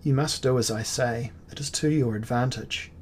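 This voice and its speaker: A man voicing a grave and commanding chaos god, speaking slowly with a measured, declamatory weight. The voice sits at a middling pitch for a man, and he delivers the lines as a storybook reading. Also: a little mellow, slight background noise, close to an everyday voice. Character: male chaos god lord, ancient, cryptic, scheming.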